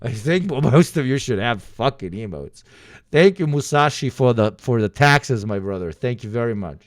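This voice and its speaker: A man with a Balkan accent, a streamer talking casually to chat, loud and profane with frequent laughing. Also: animated, moderate pace, dry recording, clean studio sound. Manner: loud, profane, laughing, swings into high outbursts.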